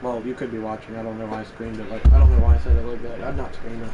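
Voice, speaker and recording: A man's voice: medium pitch, level tone, racing, phone-quality sound, over music. A man giving casual play-by-play commentary on a baseball video game livestream, chatty and prone to correcting himself mid-sentence. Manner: chatty, self-correcting, with side remarks.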